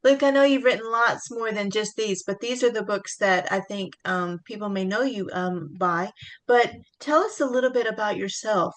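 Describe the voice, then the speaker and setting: Female host, mid-pitched, courteous and welcoming, reading intros and asking questions. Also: normal speed. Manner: polite, welcoming. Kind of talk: interview hosting.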